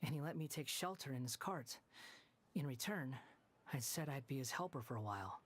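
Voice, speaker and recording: Polite, reserved young wanderer in a game, husky tone. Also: male voice, mid-range voice, lively intonation, fairly quick. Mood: calm. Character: calm, guarded young male puppet wanderer.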